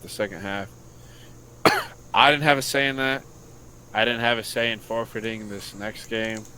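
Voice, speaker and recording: A casual, profane American man spins a long story in a bright, sharp voice. His pitch sits a little low. A faint hiss runs under the recording. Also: rough recording. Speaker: podcast co-host, youth football coach. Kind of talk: casual chat.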